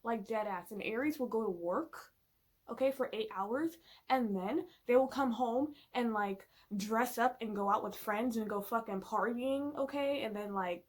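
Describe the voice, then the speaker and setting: Woman vlogger, slightly high-pitched, loose profane casual chat, playful and emphatic. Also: normal speed. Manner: profane, filler-heavy and chatty.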